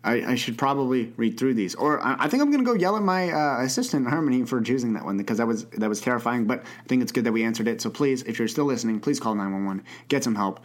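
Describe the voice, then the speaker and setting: A young man hosts a casual advice podcast, answering listener questions. He hesitates often, repeats his words and restarts his sentences. His voice sits at an ordinary, mid-range pitch for a man. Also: expressive, quick pace, hardly any pauses. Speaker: podcast host.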